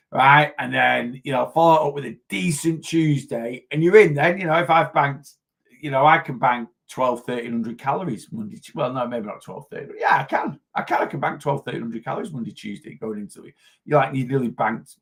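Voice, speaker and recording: A man's voice: mid-range voice, creaky, fairly bright tone. A middle-aged man with a Lancashire accent, hosting a casual weight loss live stream, chatty and rambling with restarts and asides, greeting viewers by name. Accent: Lancashire English. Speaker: weight loss livestream host. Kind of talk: casual livestream chat.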